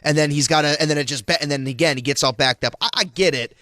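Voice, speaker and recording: Man, radio co-host, slangy jokes, bright voice, dry studio mic. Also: fairly high pitch, fast talker, dry recording. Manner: joking, slangy. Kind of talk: casual studio banter.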